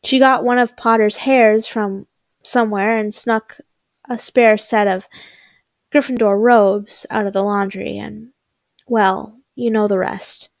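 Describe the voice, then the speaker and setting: A woman's voice: mid-range voice, steady tone, slow pace, dry recording. A woman voicing a proud but defeated teenage boy in a read-aloud story, with a tired, subdued delivery. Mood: weary.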